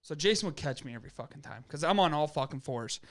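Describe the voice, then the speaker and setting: A young man with an Upper Midwest American accent, co-hosting a podcast and telling a story in casual chat, animated and full of swearing. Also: a little high, fast. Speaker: podcast co-host.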